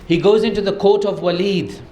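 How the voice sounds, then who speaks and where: A man's voice: high-pitched, fairly quick, dark tone, a little hiss or hum. A man preaching an emotional mourning sermon, telling the story with dramatic, grieving intensity. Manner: dramatic storytelling, voice swelling with grief. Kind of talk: emotional majlis sermon narration. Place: mosque hall. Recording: echoey hall with faint ambience.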